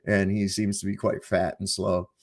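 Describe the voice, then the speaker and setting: A man with a very low, deep voice hosting a casual livestream. He rambles loosely and swears freely, leaning on plenty of ums and uhs between thoughts. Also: little pitch movement, normal speed. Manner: rambling and profane, with frequent fillers. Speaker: livestream host.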